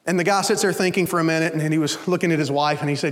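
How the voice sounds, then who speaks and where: A man preaching a sermon as pastor, in a relaxed conversational way that keeps checking in with the congregation. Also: on the high side, rapid-fire, hardly any pauses, in a large hall. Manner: conversational preaching, asks the congregation "you understand?".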